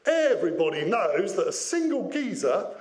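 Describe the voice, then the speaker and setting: A man's voice: high-pitched, sing-song, normal speed, a little mellow, roomy sound. A man voicing a swaggering grown-up geezer with a Cockney accent, slangy and matey. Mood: cheeky.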